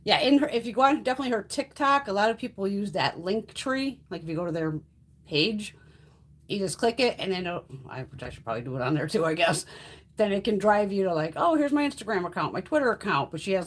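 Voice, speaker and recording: A woman's voice: mid-range voice, animated, a little fast, breathy edge. Middle-aged woman doing a beauty live stream, swears a lot, laughs, bouncy up and down voice. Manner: chatty, swears freely, laughs often. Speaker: beauty livestream host. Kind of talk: casual livestream chat. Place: home makeup room.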